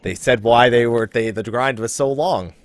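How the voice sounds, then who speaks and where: A man's voice: medium pitch, normal speed, dry recording. A man hosting a casual gaming podcast, teasing his cohost and swearing freely. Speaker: podcast host.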